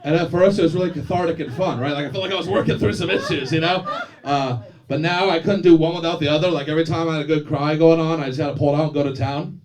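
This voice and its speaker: A man's voice: a little high, fairly even intonation, quick pace, a little mellow, distant mic. A man doing a crude, self-deprecating stand-up routine on a comedy club stage, bantering with the crowd. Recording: live club with crowd laughter. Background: audience laughter.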